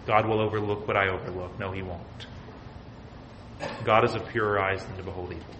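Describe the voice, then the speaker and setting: A man preaching a sermon with emphasis, often asking "okay?" and swinging between loud stresses and hushed lines. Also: low-pitched, steady tone, fairly quick, lo-fi sound, background noise.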